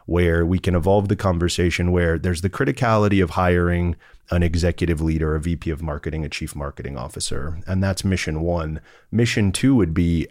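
Deep-voiced man in earnest business talk. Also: a little mellow, no room sound, clean studio sound. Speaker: executive search firm partner. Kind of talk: conversational podcast interview.

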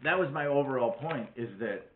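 A man's voice: mid-range voice, brisk, a little hiss or hum. A man with a faint Wisconsin accent tells loose, profane stories as a comedy guest on a podcast. His voice is thin and phone-like, and it bounces around an echoey room. He rambles from one tangent to the next. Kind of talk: casual podcast chat.

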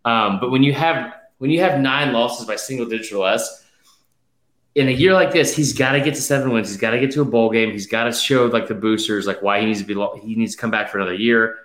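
A man in a casual sports chat reels off numbers and predictions with emphatic drive, sounding slightly out of breath. His mid-pitched voice sits in an echoey room that rings around every line. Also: fairly bright tone. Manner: rapid stat-heavy, emphatic, with fillers. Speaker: podcast host.

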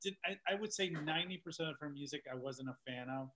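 Male podcast co-host, fairly high voice, dry teasing humor. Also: fast, pushed and bright. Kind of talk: casual chat.

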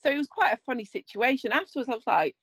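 A woman in her thirties from England, cohosting a podcast and telling funny stories in a sweary, animated way. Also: fairly high pitch, very fast, slightly rough, no room sound. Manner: sweary, animated, jumps into quoted voices. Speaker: podcast co-host. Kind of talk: casual chat, comic storytelling.

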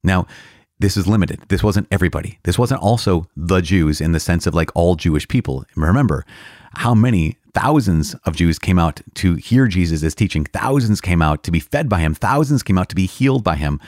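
Man, priest, low voice, earnest and emphatic, casual teaching tone, dry sound. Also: darkish tone, dry recording. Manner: earnest, emphatic, repeats himself, occasional laughs. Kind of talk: conversational teaching on a catechism reading.

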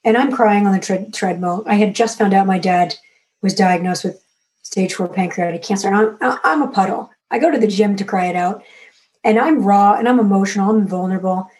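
A woman in her forties, an author guest, telling a personal story in a candid, emotional, animated way. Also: mid-range voice, a little fast. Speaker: author and magazine editor, guest. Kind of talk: conversational interview.

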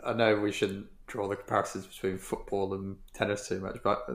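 A man's voice: on the low side, flat delivery, a little fast. A man co-hosting a casual podcast, asking thoughtful, meandering questions. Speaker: podcast co-host. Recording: echoey room.

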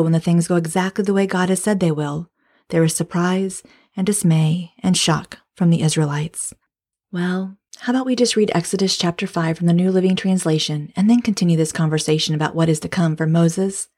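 Woman, Bible study podcast host, devotional reading, low voice, mellow tone, speaks to listeners as friends. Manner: addresses listeners warmly as friends, drops into whispers for emphasis.

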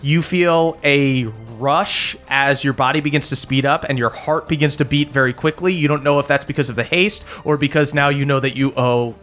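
Brief: upbeat male game master, slightly high voice, faint music bed. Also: fairly even intonation, moderate pace, few pauses, fairly bright tone. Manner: playful, laughs often. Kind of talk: narrating a tabletop game.

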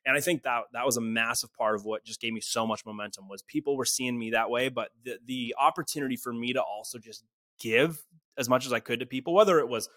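A man in his twenties, from a small town in Canada, talking as a podcast guest. He tells his story in a lively, casual way and acts out the dialogue he quotes. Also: mid-range voice, fast talker, no echo. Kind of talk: animated storytelling in conversation.

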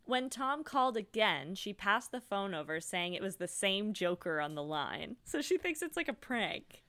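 A woman's voice: mid-range voice, sing-song, moderate pace, bright, forceful tone. A woman co-hosting a podcast, telling a history story in casual chat and laughing often. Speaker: podcast co-host.

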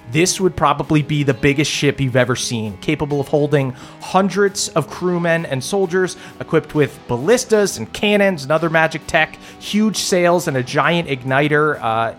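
A man's voice: a little high, a bit bright. A man narrating a tabletop game as game master, descriptive and using many filler words.

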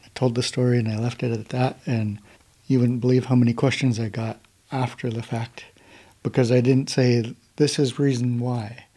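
A calm, laid-back young man from the United States, telling a traditional story to a gathering. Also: medium pitch, moderate pace, slightly rough.

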